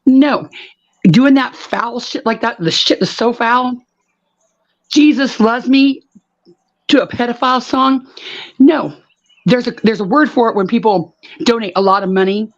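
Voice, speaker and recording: A woman's voice: a little high, normal speed, muffled recording. A woman ranting bluntly on a live online panel, cursing and repeating herself for emphasis. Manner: blunt, profane, repetitive. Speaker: panel guest. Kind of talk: heated live panel rant.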